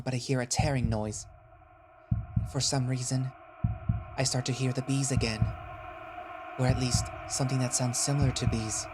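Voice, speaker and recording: A man narrating a first-person audio story in a measured, tense manner. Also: medium pitch, fairly even intonation, darkish tone, husky.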